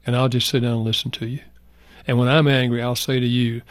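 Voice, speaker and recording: Un homme âgé, invité d'une émission, raconte avec sincérité et douceur une histoire personnelle. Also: male voice, mid-range voice, level tone, quick pace, no echo, studio quality. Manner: earnest, soft-spoken, reflective. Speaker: guest. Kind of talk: heartfelt personal storytelling.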